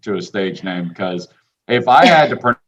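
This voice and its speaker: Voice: deep voice, lively intonation, measured pace. A podcast co-host throwing in joking, teasing remarks. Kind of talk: casual podcast banter. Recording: dull lo-fi sound with faint noise.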